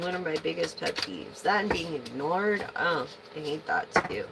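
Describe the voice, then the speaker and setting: A woman's voice: sits low, very animated, moderate pace, creaky, hardly any pauses, heavy background noise. A woman reading tarot to her viewers in a rambling, casual way, swearing freely as she vents. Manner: rambling, profane venting. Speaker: tarot reader.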